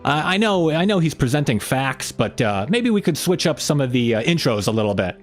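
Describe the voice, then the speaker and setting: A man hosts a casual live-stream chat, talking a little fast over soft background music. He rambles with lots of fillers and restarts, and his pitch swings lively when he jokes.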